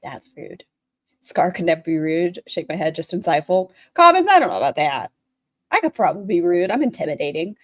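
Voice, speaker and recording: A woman's voice: lowish voice, very animated, brisk, dry recording, muffled recording. A woman streamer giving blunt, opinionated commentary while reacting to another stream and talking to her chat.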